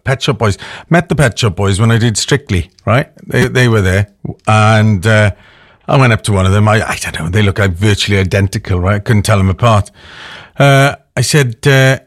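A man's voice: on the low side, moderate pace, no echo, clean studio sound. Chatty man hosting radio. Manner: chatty, anecdotal, thinks aloud with fillers. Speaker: radio host. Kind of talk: casual radio chat.

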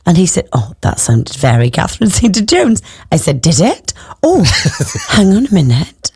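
A woman's voice: lowish voice, huge pitch swings, moderate pace, mellow, slightly rough, no room sound. A woman co-hosting breakfast radio, chatty and giggly, in a studio. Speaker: radio co-host. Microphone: studio mic.

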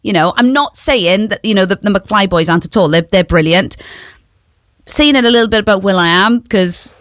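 A woman's voice: medium pitch, moderate pace, fairly bright tone, no echo, clean studio sound. A woman co-hosting an entertainment chat, chatty and opinionated, leaning on "obviously" and "you know". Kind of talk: casual showbiz gossip chat.

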